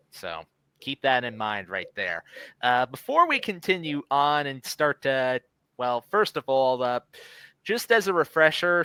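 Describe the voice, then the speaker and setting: A man leads a racing podcast over a video call, his voice bright and forceful. His pitch moves a lot, and the sound is dry and close. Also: clean tone, no room sound, poor audio. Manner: lively, leads the segments. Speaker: podcast host. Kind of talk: casual sports betting chat.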